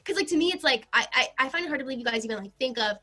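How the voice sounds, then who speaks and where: A young American woman in casual chat as a podcast guest, bubbly and full of "like", with a bright, high voice. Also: expressive, very fast. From United States. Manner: bubbly, lots of "like".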